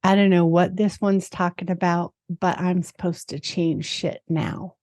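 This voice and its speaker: A woman's voice: lowish voice, little pitch movement, a little slow, a little mellow, no echo, studio quality. A woman hosting a podcast, chatting casually and enthusiastically, laughing often and swearing now and then. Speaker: podcast host.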